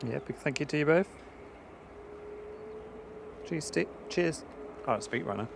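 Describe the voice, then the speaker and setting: A man's voice: a little high, lively intonation, quick pace, vocal fry, background noise. A man co-hosting a plane spotting live stream outdoors, chatting casually and telling rambling stories. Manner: easygoing, rambling storyteller. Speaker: plane spotting livestream co-host. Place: outdoors at an airport.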